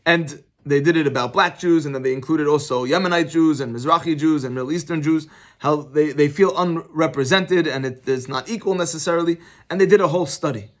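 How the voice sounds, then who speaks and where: This fairly quick, middle-aged rabbi has a fairly high voice and runs a casual Torah class, shifting easily between the text and his own anecdotes. His delivery is animated and conversational, as if he were chatting with the room.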